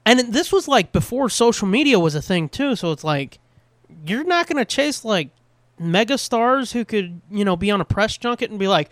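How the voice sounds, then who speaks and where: A man co-hosting a podcast, chatting casually with lots of swearing and quick voice impressions. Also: high voice, dry recording, studio quality. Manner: animated, swears a lot, mimics voices. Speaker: podcast co-host. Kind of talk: casual profane chat.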